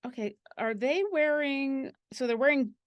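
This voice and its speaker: A woman chatting casually on a livestream while painting miniatures, playful and full of quick asides. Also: high voice, no room sound, lo-fi sound. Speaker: mini painting teacher.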